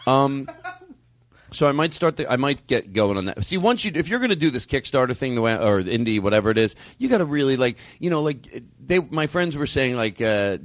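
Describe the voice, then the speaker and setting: A comedian and podcast host, a man of middling pitch, talks in a loose and rambling way, and his voice leaps up and down as he goes. The room is dry, with no echo around him. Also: very animated. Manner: loose, rambling, quick swings up in pitch when riled. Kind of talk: casual chat.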